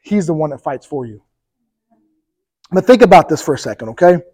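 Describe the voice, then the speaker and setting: A male pastor preaching a sermon with energetic emphasis, speaking straight to the congregation and often checking in with "okay?" and "right?". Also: fairly high pitch, brisk, slightly rough, low-quality recording. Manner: addresses the congregation directly, with repeated "okay?" and "right?".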